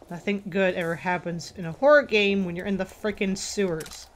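With a lowish voice and fairly even intonation, a woman talks briskly and with few pauses while commentating her horror game playthrough as a let's play gamer. She seems a little tired, jumpy and profane, joking to herself.

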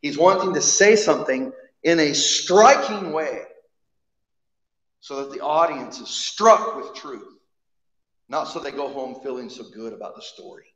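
A man's voice: fairly high pitch, unhurried, a bit bright. A man preaching a sermon, emphatic, often repeating and restarting his words. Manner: emphatic, frequent repetitions and restarts. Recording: echoey hall, dull sound.

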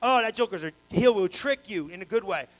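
A male pastor preaching a live evening sermon in church on a handheld mic, animated and colloquial with call-and-response. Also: high-pitched, fairly quick, rough recording. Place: church sanctuary, live service. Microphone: handheld microphone.

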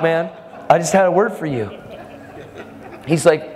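A man preaching a storytelling sermon, animated, acting out the people in his stories with sudden jumps in pitch. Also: fairly quick, pauses often, slight background noise. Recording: long hall reverb, faint music.

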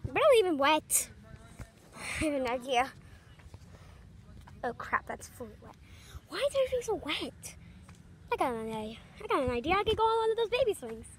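A woman voicing an excitable, clumsy young girl at a playground, chattering through everything she does and yelping when she tumbles. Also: high voice. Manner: chatty running self-commentary, squealing and yelping. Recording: noisy background.

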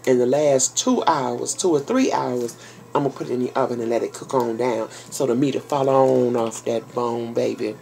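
A grandmother with a low, deep speaking voice chats casually from her home office. She talks to her viewers in a folksy, salty way, full of endearments, and sounds worn out. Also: moderate pace, gravelly, darkish tone, slight background noise. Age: older. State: tired. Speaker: vlogger. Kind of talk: casual vlog chat.

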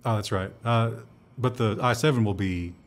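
A man's voice: lowish voice, normal speed. A man co-hosting a tech news show in a casual, joking chat with sarcastic asides.

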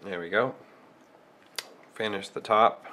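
A man's voice: on the low side, steady tone, slow, sharp tone, a little hiss or hum. A man with a cold who hosts a drawing tutorial, talking through each stroke step by step and thinking aloud as he draws. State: has a cold.

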